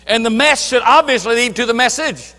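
A man preaching a sermon as pastor, emphatic, swinging between loud declarations and hushed asides. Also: extremely high pitch, fairly quick, long reverb tail, soft background music. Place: church sanctuary.

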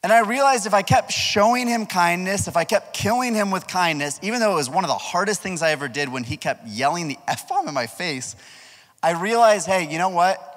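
Male youth pastor, upbeat storyteller, fairly high voice, long reverb of a church hall. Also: fairly quick. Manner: animated storytelling, asks the crowd questions. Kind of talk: youth sermon with personal story.

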